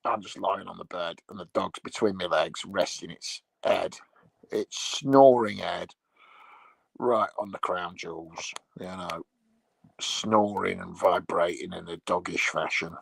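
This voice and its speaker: A man's voice: low voice, measured pace, vocal fry, slightly rough, no echo. A middle-aged English man chatting crudely and rambling to viewers while lying on a bed at home. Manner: crude, swearing, meandering. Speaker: livestream host. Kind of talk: rambling casual chat to viewers.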